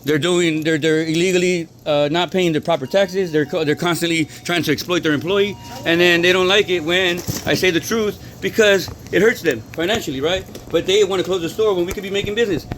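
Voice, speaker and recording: A man's voice: high-pitched, fairly even intonation, fairly quick, few pauses, a bit bright. A man filming on his phone inside a store, arguing in an agitated, repetitive way as an employee. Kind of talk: filming a workplace confrontation.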